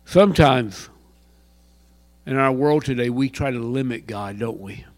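A man preaching a sermon into a handheld mic in a church hall, dropping to near whispers and then rising to loud exclamations. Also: mid-range voice, a little slow. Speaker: pastor.

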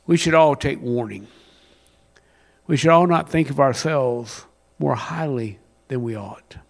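A man preaching a sermon, rising to loud emphatic passages and dropping to a near whisper. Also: medium pitch, measured pace, gravelly. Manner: reads scripture with plain conversational paraphrase. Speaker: pastor.

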